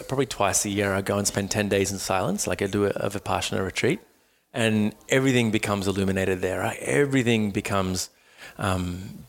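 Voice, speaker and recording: Low-voiced animated meditation teacher, man. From Australia. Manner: animated storyteller, swears casually, acts out quotes. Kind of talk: casual podcast conversation.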